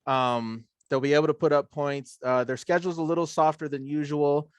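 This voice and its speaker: A man's voice: a little high, steady tone, fairly quick, smooth, no echo. A man as a guest on a sports talk show, chatting casually and hesitantly with many fillers. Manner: hesitant, lots of ums, laid-back. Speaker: guest analyst.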